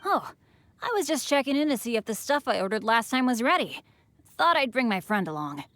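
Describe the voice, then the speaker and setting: A woman's voice: on the high side, big pitch swings, a little fast, no room sound. A woman voicing a cheerful, self-deprecating teenage boy adventurer in a video game, eager and bouncy. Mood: friendly. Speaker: game character. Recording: game audio with loud background music.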